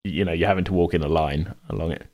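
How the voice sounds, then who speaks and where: A man's voice: sits low, steady tone, fast talker, darkish tone. A man narrating as game master of a tabletop role-play, with dry, laughing asides.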